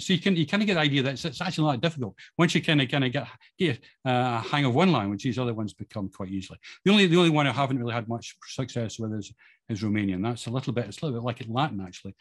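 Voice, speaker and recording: A middle-aged Scottish man talks quickly and informally to an audience, walking them through slides. He rambles, fills pauses with plenty of ums, restarts sentences and pokes fun at himself. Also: medium pitch, animated. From Scotland. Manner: self-deprecating humour. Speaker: guest speaker.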